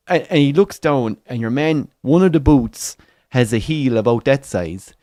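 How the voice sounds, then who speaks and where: A man's voice: on the high side, animated, normal speed, few pauses, no room sound, clean studio sound. An Irish man co-hosting a football watchalong, telling a long swearing pub story and acting out the people in it. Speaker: watchalong co-host.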